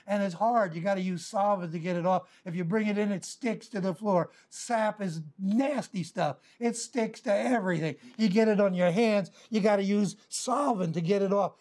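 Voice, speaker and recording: An earnest preacher works through a scripture passage verse by verse, pausing to explain the original Greek words. The explanations lean on plain everyday examples, and light chuckles come up now and then. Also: mid-range voice, darkish tone. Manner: explains word meanings with homely everyday examples. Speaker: Bible teacher preaching. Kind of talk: sermon with verse-by-verse Greek word study.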